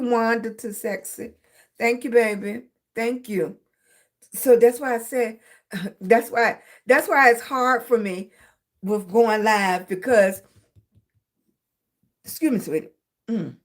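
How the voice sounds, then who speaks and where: Woman, middle-aged, casual live chat, a little high-pitched, leisurely pace, emphatic and repetitive. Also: slow pace, long pauses. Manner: emphatic, repeats phrases, asks "right?" and "okay?" often. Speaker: content creator.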